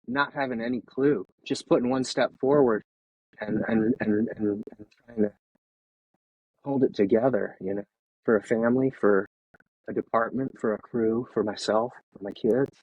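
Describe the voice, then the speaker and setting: A man in his fifties, a retired firefighter, speaking candidly and emotionally in an interview, with halting pauses and restarts over a video call. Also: mid-range voice, breathy edge, no room sound, highs cut off.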